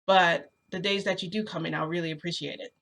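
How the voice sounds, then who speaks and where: Chatty male school principal, jovial, insistent, bright voice, told by a woman. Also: on the low side, fairly even intonation, fast.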